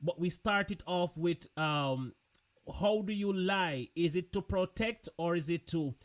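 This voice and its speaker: A man's voice: high voice, unhurried. A man hosting a live online show in a loose, chatty way, often repeating words. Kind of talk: casual live-stream chat.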